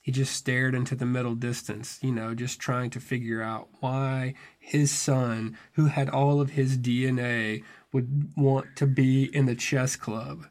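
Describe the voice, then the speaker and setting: A man's voice: mid-range voice, flat delivery, a little slow, hardly any pauses, a little mellow. A man in his thirties telling a personal story in a wry, self-mocking, conversational way. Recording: music heard behind the voice. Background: music.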